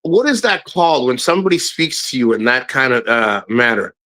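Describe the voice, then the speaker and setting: A man's voice: mid-range voice, big pitch swings, fairly quick, bright, forceful tone. A middle-aged man talking casually to his livestream viewers. He rambles frankly, restarts often and swears freely. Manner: addresses viewers directly. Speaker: live streamer.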